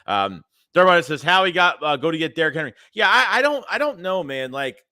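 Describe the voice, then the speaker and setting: A man with a stuffy nose hosting a casual sports livestream, rambling and animated as he reads chat messages aloud. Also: on the high side, a little fast, no echo, clean studio sound. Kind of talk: casual live-chat commentary.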